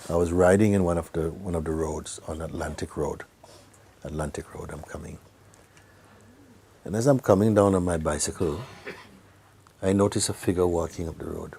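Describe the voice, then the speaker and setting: A man giving a spiritual talk to a gathering, speaking gently, often laughing and sometimes dropping into a whisper. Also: low-pitched, steady tone, moderate pace, pauses often, a little hiss or hum. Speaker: spiritual teacher.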